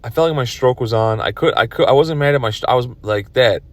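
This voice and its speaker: A man's voice: mid-range voice, fast, no room sound. A tired man commenting on his own pool match from his car, rambling and self-critical. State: tired, yawning. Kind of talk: casual video commentary.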